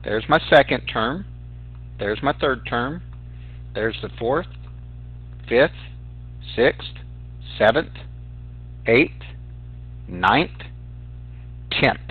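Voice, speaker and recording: A man's voice: mid-range voice, animated, very slow, pauses often, breathy edge. A male math teacher walking students through sequences step by step on a calculator, talking to them directly as "guys". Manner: explains calculator steps aloud, addresses students as guys. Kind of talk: recorded math lesson. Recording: dry, tinny phone-like sound.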